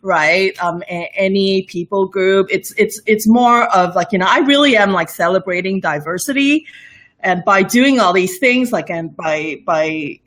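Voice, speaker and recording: Speaking a little slowly in a mid-range, slightly bright voice, a young cooking show host from Borneo chats casually as an interview guest. Her accent is a mix of international English, and she rambles, laughs often and fills her talk with fillers and restarts.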